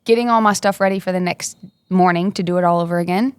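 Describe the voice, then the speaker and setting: A woman's voice: fairly low pitch, steady tone, quick pace, clear, resonant tone, dry recording. Upbeat young woman, chatty. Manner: upbeat, chatty, laughs easily. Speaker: basketball player, podcast guest. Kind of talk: casual interview chat.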